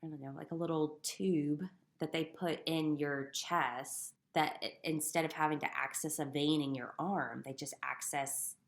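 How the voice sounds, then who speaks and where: A woman's voice: low-pitched, steady tone, normal speed, vocal fry, few pauses, reverberant. A young woman candidly telling her personal story on a podcast, with self-deprecating humor. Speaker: guest sharing her story.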